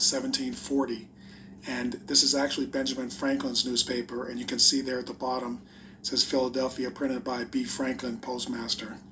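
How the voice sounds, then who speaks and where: Brief: male host of a history explainer, monotone read, faint background noise. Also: mid-range voice. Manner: plain explanatory delivery with fillers. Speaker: video host. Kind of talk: narrated history video reading old newspapers.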